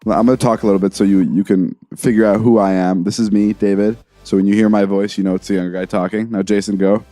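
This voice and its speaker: A man's voice: lowish voice, fairly even intonation, fast talker, dark tone. A man in his twenties co-hosting a podcast, chatting casually and joking around with frequent laughs. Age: 20s. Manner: playful, joking, laughs often. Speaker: podcast co-host.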